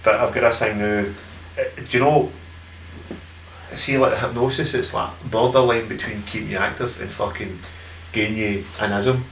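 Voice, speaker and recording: A man's voice: on the low side, steady tone, moderate pace, creaky, a bit bright. Sweary Scottish man telling stories. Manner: swears a lot and laughs through his stories. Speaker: podcast guest. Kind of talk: casual chat. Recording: echoey room from far off with faint hiss.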